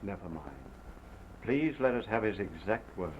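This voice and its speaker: Actor as a calm, coaxing low-voiced questioner. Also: male voice, normal speed, slight background noise, close to an everyday voice. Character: man questioning a woman, gentle but insistent. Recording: muffled early talkie film sound.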